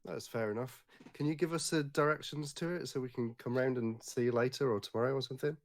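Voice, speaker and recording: A man's voice: medium pitch, steady tone, quick pace. A man playing in a tabletop game, chatting casually and laughing often. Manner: laughing, playful. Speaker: player.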